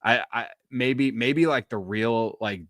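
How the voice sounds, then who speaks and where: A young man from Illinois hosting a casual sports podcast, animated and self-mocking, rambling with restarts. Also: mid-range voice, slow pace, no echo, clean studio sound. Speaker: podcast host.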